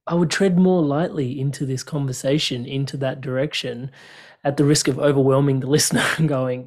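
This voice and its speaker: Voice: medium pitch, fairly even intonation, brisk, a little mellow. A podcast host chatting in an enthusiastic, rambling way and laughing often. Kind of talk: casual chat.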